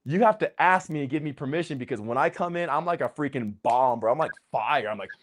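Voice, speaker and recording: A man hosting a casual conversation, talking in an excitable, slangy way. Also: medium pitch, fast. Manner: excitable, slangy, uses "dude" and "bro". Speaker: host.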